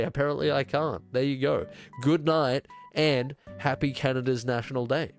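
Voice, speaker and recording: A young man with a stuffy, congested voice talks his way through a game stream at a middle pitch, trading sarcastic quips and mock outrage with his chat. Soft guitar music plays faintly underneath. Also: steady tone, moderate pace, vocal fry. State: congested, sick. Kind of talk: casual gaming stream chat.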